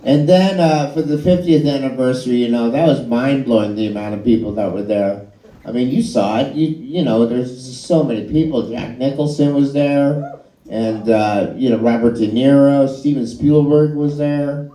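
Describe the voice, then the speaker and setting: A man's voice: mid-range voice, moderate pace, warm tone. A middle-aged man doing stand-up comedy in a bar and grill, telling rambling, self-deprecating, profane anecdotes. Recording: echoey live room.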